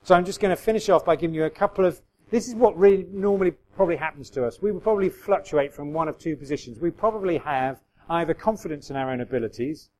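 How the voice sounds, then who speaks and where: A man's voice: on the high side, fast talker, few pauses, darkish tone, poor audio. Conversational man preaching a sermon. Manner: conversational, acts out quoted voices with self-deprecating humour. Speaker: pastor.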